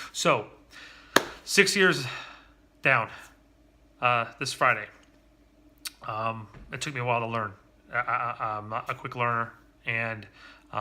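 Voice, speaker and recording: A man talking candidly and earnestly about his own parenting in a personal vlog, often halting and restarting. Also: mid-range voice, bright, forceful tone. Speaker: father vlogger.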